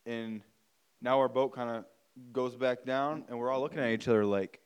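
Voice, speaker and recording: A man's voice: medium pitch, fairly even intonation, moderate pace, smooth. A man, hosting a podcast and telling a story casually and animatedly, swearing and saying "like" and "man" a lot. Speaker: podcast host.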